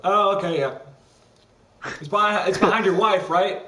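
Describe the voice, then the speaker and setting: A man's voice: high-pitched, sharp tone, far from the mic, a little hiss or hum. A man on a gaming livestream, joking with his co-host and then reading a novel aloud with some stumbles. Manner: jokey banter, reads a novel aloud haltingly. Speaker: streamer. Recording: roomy sound from away from the mic.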